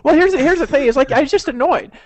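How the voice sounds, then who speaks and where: A man's voice: very high-pitched, fast talker, no echo. A man casually telling a story in an online group video chat, rambling, profane and full of repeated words and restarts, heard over a video call. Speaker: network marketer telling a story.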